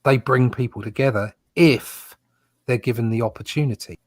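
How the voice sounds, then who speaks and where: A man's voice: mid-range voice, normal speed, no room sound, studio quality. A man co-hosting a casual comics podcast, rambling and repeating words as he makes his points. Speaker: co-host.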